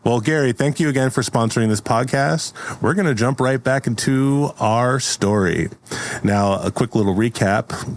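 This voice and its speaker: A man hosting a podcast in casual chat, playful, laughing often and tripping over words as he recaps a story. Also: medium pitch. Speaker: podcast host.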